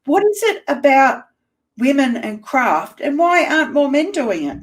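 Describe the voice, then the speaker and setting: An Australian woman hosting a casual interview, playful and teasing, quick to laugh. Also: sits high, big pitch swings. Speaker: podcast host.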